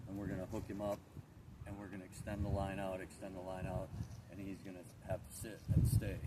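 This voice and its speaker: Low-voiced man trainer heard from afar. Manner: casual, explaining as he works, frequent fillers. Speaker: dog trainer. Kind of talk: instructing a dog owner on the spot. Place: outdoors on an empty lot. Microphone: camera held by the owner a few steps away. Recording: distant camera mic with loud background noise.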